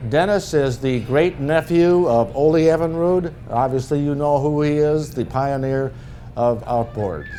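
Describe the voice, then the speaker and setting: A man's voice: medium pitch, mellow, a little hiss or hum. Folksy man telling a funny story. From northern Minnesota. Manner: folksy, humorous anecdotes. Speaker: author giving a talk. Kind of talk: storytelling presentation.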